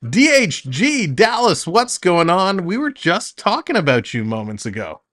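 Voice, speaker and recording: A man's voice: high-pitched, huge pitch swings, measured pace, fairly bright tone. A man streaming live hockey play-by-play, calling the action in short bursts and chatting with viewers between plays.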